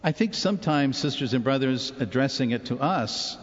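A man preaching a sermon as a priest, earnest and slow with long pauses. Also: medium pitch, lively intonation. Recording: dull sound with long church reverb.

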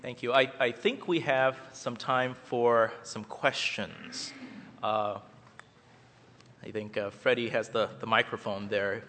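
A man's voice: mid-range voice, steady tone, takes it slowly, fairly bright tone, a little hiss or hum. A man giving an impassioned, emphatic public speech at a church event. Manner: emphatic, rising and falling for effect. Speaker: guest speaker at a church event. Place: large hall. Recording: reverberant hall.

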